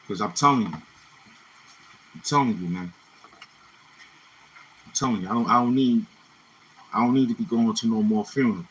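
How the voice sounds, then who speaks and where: At a moderate pace with frequent pauses, this man speaks in a fairly low pitch over a rough recording with a little hiss or hum. He hosts a casual livestream from Brooklyn, New York City, chatting loosely between freestyle rhymes and tagging his lines with "you know what I'm saying."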